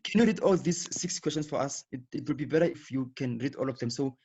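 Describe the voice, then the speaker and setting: A man's voice: medium pitch, fast, a little mellow, a little hiss or hum. A man teaching a live online lesson, explaining patiently and repeating himself, often checking in with "okay". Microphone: video call. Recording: dull lo-fi online audio.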